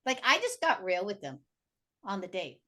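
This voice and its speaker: A woman guest in a casual interview, telling stories in a lively way and acting out the dialogue. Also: medium pitch, moderate pace. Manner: animated, acts out dialogue in her stories. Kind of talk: casual conversational storytelling.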